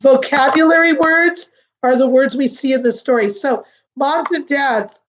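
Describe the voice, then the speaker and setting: A woman teaching a remote lesson to young children, patient and sing-song, repeating words slowly. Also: high voice, muffled recording. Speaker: kindergarten teacher.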